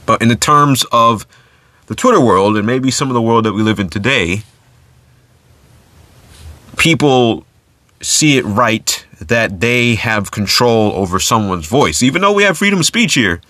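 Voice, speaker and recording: A man's voice: mid-range voice, expressive, measured pace, bright, forceful tone, no room sound. A man hosting his own podcast alone, talking casually with lots of fillers and restarts. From United States. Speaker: podcast host. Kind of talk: solo podcast commentary.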